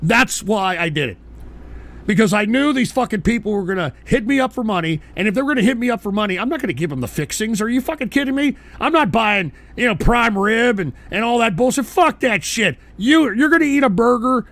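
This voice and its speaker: A man with a high, gravelly voice rants on his internet radio show. He is profane and combative, keeps pushing tag questions at his listeners, and suddenly shouts. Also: expressive, fairly quick. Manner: repeats insistent tag questions. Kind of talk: live-streamed ranting monologue.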